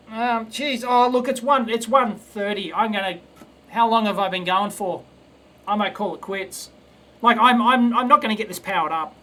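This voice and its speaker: His high voice sounds pushed and bright as the Australian electronics host chats casually over his soldering on a live stream. The talk rambles, stays blunt, and is packed with restarts and stammered repeats.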